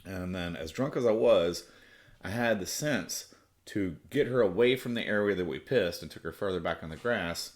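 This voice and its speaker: A man's voice: lowish voice, expressive, normal speed. A middle-aged American man casually telling a profane, rambling personal story as a podcast host. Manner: crude, profane, rambling with restarts.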